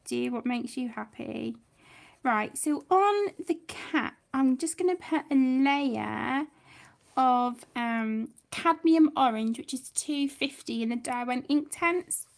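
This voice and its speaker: High, slow, creaky woman. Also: lively intonation. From United Kingdom. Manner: flustered, talks to herself while working, calls viewers sweetheart. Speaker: livestream host. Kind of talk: chatty craft livestream.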